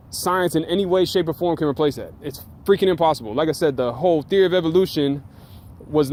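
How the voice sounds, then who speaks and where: A man's voice: on the high side, a little mellow, slight background noise. Profane, emphatic man ranting in slang. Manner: profane, slangy and emphatic, with frequent laughs and filler. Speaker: vlogger. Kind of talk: casual rant to camera.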